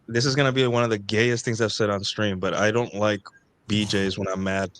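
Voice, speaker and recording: A man's voice: level tone, fairly quick, a bit bright. Blunt, profane male podcast host. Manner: blunt and profane, acts out others in high mocking voices. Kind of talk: casual podcast chat.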